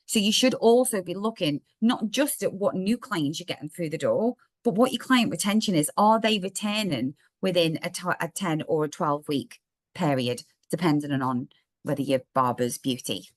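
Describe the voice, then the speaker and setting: A woman with a slightly croaky voice, chatting through a software demo step by step in a live online workshop. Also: lowish voice, normal speed, no echo. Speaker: software trainer.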